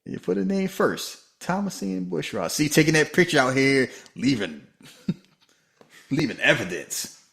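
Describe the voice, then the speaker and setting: A man co-hosting a casual movie-review podcast, joking and animated, often slipping into mock voices. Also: measured pace, vocal fry, reverberant. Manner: animated, jokey, slips into high-pitched mock voices. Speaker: podcast co-host.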